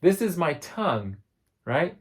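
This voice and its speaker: A man's voice: fairly high pitch, sing-song, a little slow, breathy edge. Man teaching a singing lesson. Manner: explains step by step, sings demo words. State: tired voice.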